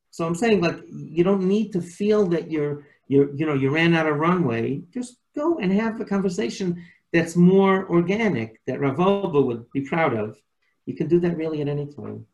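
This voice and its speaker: Animated man telling school stories. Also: a little high, normal speed, low-quality recording. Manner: animated storytelling, many restarts, acts out quoted dialogue. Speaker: school principal giving a talk. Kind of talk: casual lecture with audience questions.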